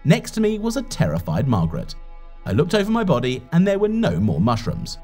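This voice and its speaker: Husky male narrator for a first-person cartoon story, mid pitch with wide swings, soft music bed. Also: wildly swooping pitch, a little fast.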